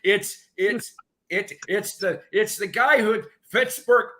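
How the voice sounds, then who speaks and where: A man putting on the voice of an excitable, loud children's TV host hyping up a scary feature. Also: high-pitched, slow, pitched above the performer's own voice, full character voice. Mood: hammy, excited. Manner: loud, hammy, showman patter. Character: excitable male kids' TV host, middle-aged.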